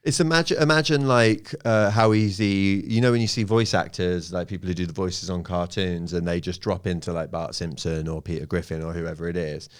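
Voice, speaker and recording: A man's voice: low voice, fairly quick, hardly any pauses, smooth. A young man in casual podcast chat, telling rambling, self-mocking stories into a studio microphone. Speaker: guest comedian.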